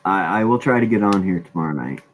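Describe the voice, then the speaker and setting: A man's voice: sits low, lively intonation, quick pace, rough recording. A man hosting a casual live stream chat in a laid-back way, laughing often, with a Maine accent.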